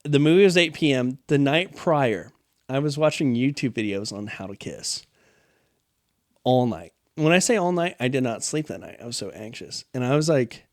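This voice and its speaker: A man's voice: mid-range voice, very animated, moderate pace, dry recording, clean studio sound. A young man co-hosting a podcast, rambling through a self-mocking story in casual chat. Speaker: podcast co-host.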